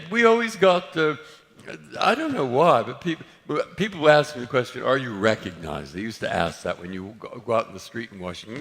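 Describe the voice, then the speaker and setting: A man's voice: mid-range voice, vocal fry, a bit bright. Older man telling rambling anecdotes in a hall. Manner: rambling, with restarts and self-corrections. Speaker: guest author. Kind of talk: onstage conversation with anecdotes. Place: event hall before a live audience. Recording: long hall reverb.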